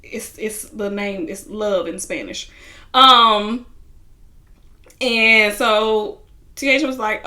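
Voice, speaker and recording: A woman's voice: mid-range voice, measured pace, pushed and bright. A woman chatting casually as she recaps a reality TV episode, acting out what people said with lots of "you know.". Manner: chatty, retells scenes in quoted voices, many fillers.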